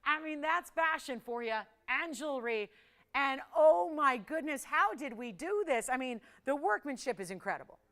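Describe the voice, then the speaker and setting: A woman hosts a live jewelry shopping program in a chatty, excitable manner. She laughs often and calls out to callers and operators as she sells. Her voice sits a little high and rings bright. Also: normal speed.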